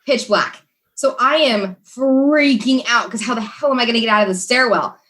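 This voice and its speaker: A woman's voice: on the high side, moderate pace, a bit bright. A young American woman, a podcast guest, telling a story in casual chat, laughing often and talking with many fillers and restarts. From USA.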